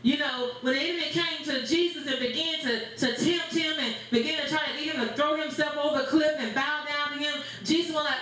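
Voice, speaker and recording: A woman's voice: sits high, fairly even intonation, fairly quick, hardly any pauses, pushed and bright. A woman pastor preaching a sermon in a church, with rhythmic phrasing and call-and-response. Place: church sanctuary. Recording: very echoey church room.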